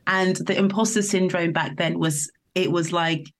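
A woman's voice: lowish voice, fairly even intonation, moderate pace. A woman from the countryside, a musician telling a story as a guest in a casual interview, rambling and laughing as she goes. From England.

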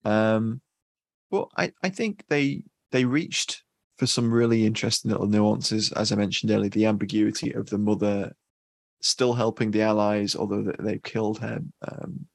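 A man co-hosting a film podcast, weighing up a film in a measured, thoughtful way. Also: on the low side, fairly even intonation, gravelly, dry recording, studio quality. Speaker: podcast co-host. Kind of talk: casual film review chat.

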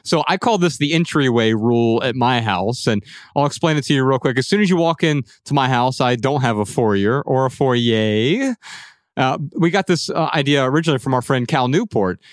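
A male podcast host with a middle-pitched voice talks in a steady, practical way. He lays out ideas clearly. The sound is dry and close. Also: moderate pace, dry recording. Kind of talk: casual podcast discussion.

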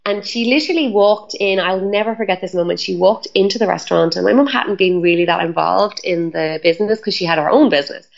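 Woman, interview guest, chatty storytelling, husky fry, muffled lo-fi sound. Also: mid-range voice, quick pace, few pauses. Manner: chatty, lots of "like" and "um" fillers. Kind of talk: casual storytelling.

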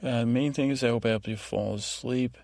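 In a drowsy, lulling bedtime monologue, a male podcast host speaks low with a gravelly fry, his tone steady and a little mellow. He rambles slowly and keeps stumbling, restarting often. The audio is dry and close-miked, with no surrounding room.

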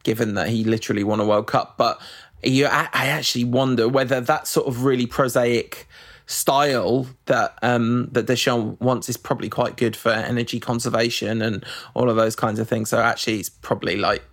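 Man, podcast host, casual chat, wry asides, mid pitch. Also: steady tone, normal speed, fairly bright tone. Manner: chatty, wry, reads out listener messages with asides. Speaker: podcast host reading listener questions.

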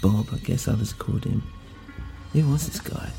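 A man's voice: fairly low pitch, moderate pace, creaky, warm tone, soft background music. A man narrating a first-person audio drama in a brooding, introspective way.

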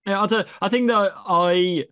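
A man co-hosting a casual podcast, speaking haltingly and often repeating words as he starts a thought. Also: high-pitched, fairly bright tone, clear, resonant tone, dry recording, clean studio sound. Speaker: podcast co-host.

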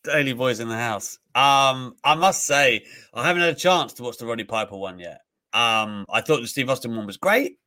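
A man's voice: mid-range voice, moderate pace. A man co-hosting a casual live-streamed talk show, chatting loosely and reading out names from the live chat. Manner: animated, breaks into mocking impressions. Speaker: podcast co-host.

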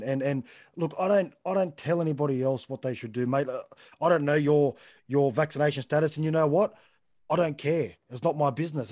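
A man's voice: on the high side, a little mellow, no echo. A man hosting an interview, talking bluntly and conversationally and often saying "mate". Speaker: podcast host. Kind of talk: casual interview chat.

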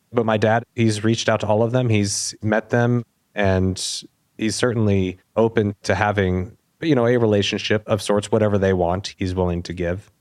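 A man, a police officer guest, telling an anecdote with animated delivery and acted-out dialogue. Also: lowish voice, measured pace. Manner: animated, acts out quoted dialogue. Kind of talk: storytelling anecdote.

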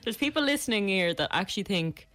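A woman's voice: medium pitch, expressive, quick pace, a bit bright. A woman, co-hosting and running a quiz in casual chat. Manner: teasing, matter-of-fact quizmaster. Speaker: radio co-host.

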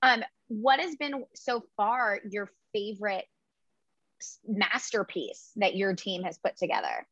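A woman's voice: mid-range voice, animated, unhurried, a bit bright, slightly rough, no echo. A woman interviewing a guest in an upbeat, chatty way. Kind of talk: friendly interview questions. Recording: dry, slightly muffled audio.

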